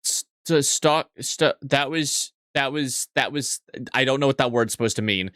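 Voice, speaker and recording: A young man chatting casually on a live stream, answering chat with quick asides, restarts and frequent swearing. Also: mid-range voice, sharp tone, no echo, clean studio sound.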